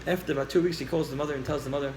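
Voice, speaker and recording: A man teaching a class, telling a story with lively acted-out dialogue and questions to the listeners. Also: a little high, racing, noisy background.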